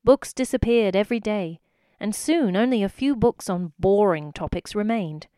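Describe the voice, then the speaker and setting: Brief: woman storyteller, mid pitch, animated reading for kids, dry close sound. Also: moderate pace, clear, resonant tone, no room sound. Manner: expressive, addressing the listener.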